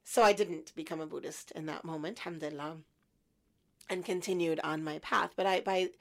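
A woman in her fifties tells her own story as an interview guest, her low voice carrying a gravelly edge. She animates the tale by slipping into the voice of her younger self, then settles back into thoughtful recollection. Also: steady tone, fairly quick, fairly bright tone. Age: 50s.

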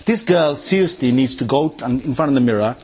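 A married man with three kids preaching an informal sermon to a live audience, animated, mimicking people and asking the audience questions. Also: medium pitch, brisk, husky. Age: adult, married with three kids.

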